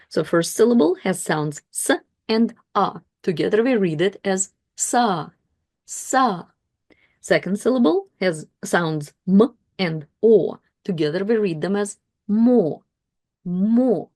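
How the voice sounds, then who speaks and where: A woman teaching a language lesson, pronouncing sounds and syllables slowly and carefully for beginners. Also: mid-range voice, dark tone, no echo, studio quality. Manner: slow, careful, drawing out sounds and syllables for learners.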